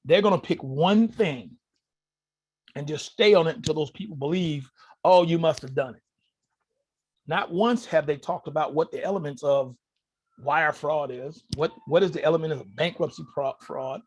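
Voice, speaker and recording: A man's voice: fairly high pitch, normal speed, husky. A man on a podcast as a guest, telling his own stories casually and animatedly, often speaking straight to the listeners. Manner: animated, addresses listeners directly. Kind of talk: casual storytelling to an audience.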